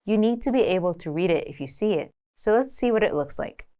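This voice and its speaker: A woman giving a scripted language lesson, speaking clearly and deliberately, slowing down to say example words. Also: medium pitch, expressive, warm tone. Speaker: language teacher.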